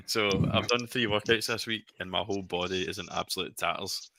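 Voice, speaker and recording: A man's voice: fairly low pitch, normal speed, bright, forceful tone, slight background noise. A man from England co-hosting a casual movie live stream, easygoing and self-deprecating. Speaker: co-host.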